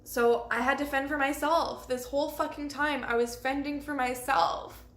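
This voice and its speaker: A woman's voice: high voice, steady tone, moderate pace, a bit bright. A young woman telling her own life story to the camera, candid and raw, with frequent swearing. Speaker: vlogger. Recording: roomy echo with faint ambient noise.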